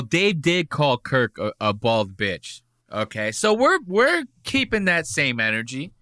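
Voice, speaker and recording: A man with a bright, forceful voice that swings animatedly as he mocks what he hears. He swears freely in brash reaction commentary. The sound is dry and close. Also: mid-range voice, no room sound. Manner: brash, mocking, profane. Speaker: podcast host.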